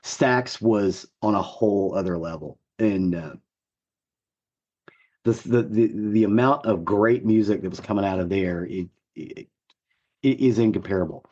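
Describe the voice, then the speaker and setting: A man with a gruff, hoarse voice co-hosting a podcast, chatting enthusiastically with lots of fillers. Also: fairly low pitch, measured pace, dark tone, dull audio. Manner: enthusiastic, rambling with many fillers. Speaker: podcast co-host. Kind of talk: casual chat.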